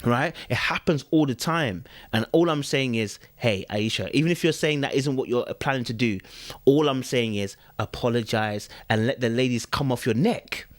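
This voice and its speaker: Speaking at medium pitch and a normal pace, this young podcast host shares his views casually, repeating himself often and tossing rhetorical questions to his audience. There's no room sound.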